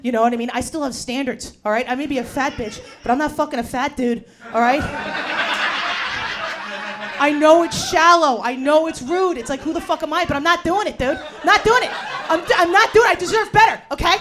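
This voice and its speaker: A woman in her forties from New York doing a brash, profane stand-up set in a bar, swinging from muttering to shouting. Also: sits high, brisk, background noise. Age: 40s. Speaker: stand-up comedian. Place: bar with a live audience. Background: audience laughter.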